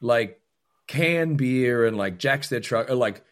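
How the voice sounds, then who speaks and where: An Australian man chatting casually on a podcast over a remote connection. His voice sits at an ordinary middle pitch, and his talk wanders with lots of "like" and restarts. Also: animated, slow. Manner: rambling, filler-heavy storytelling with frequent "like". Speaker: podcast co-host. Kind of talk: casual chat.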